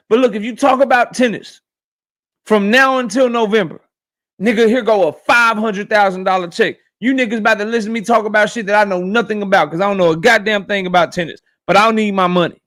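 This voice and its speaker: Male streamer-host, high voice, profane, animated casual rant to chat. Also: fast talker. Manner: profane, animated, talks straight to his chat. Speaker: boxing YouTube host.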